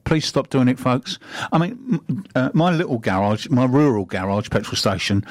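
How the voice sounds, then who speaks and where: A man's voice: medium pitch, lively intonation, normal speed, no room sound, studio quality. A man, middle-aged, co-hosting a radio chat with an emphatic, argumentative, lecturing manner. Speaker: radio co-host.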